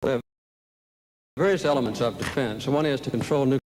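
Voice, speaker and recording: A man answering as a candidate in a formal debate, measured and deliberate in a speechlike manner, from an archival recording. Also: mid-range voice, a little mellow. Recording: archival debate audio with long hall reverb.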